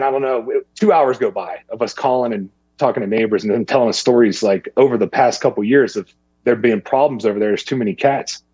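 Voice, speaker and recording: A man's voice: medium pitch, husky, no room sound, lo-fi sound. A man telling a long outdoor story in a casual, rambling way, acting out the people he quotes. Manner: rambling, animated when quoting others. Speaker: guest.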